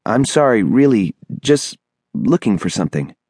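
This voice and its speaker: A man's voice: mid-range voice, sing-song, moderate pace, darkish tone, slightly rough, no echo, clean studio sound. A man doing a nervous, apologetic boy. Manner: hesitant, apologetic. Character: nervous polite young boy. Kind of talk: audiobook character voice.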